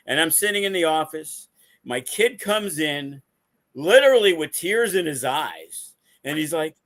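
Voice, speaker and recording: A man's voice: fairly high pitch, unhurried. A man hosting a podcast as a wrestling promoter, telling stories casually and acting out the quotes. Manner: animated, acts out quotes. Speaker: wrestling promoter and show host. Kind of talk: casual storytelling.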